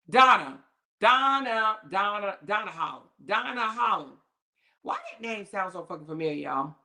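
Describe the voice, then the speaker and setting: A woman hosts a casual commentary talk, full of sass, profanity and mocking laughs. Her voice sits a little high and rings bright and forceful. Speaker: commentary host.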